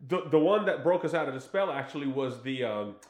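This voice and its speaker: A man casually retelling a film plot on a podcast, acting out the characters' lines in quick, animated bursts. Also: medium pitch, roomy sound. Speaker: podcast co-host.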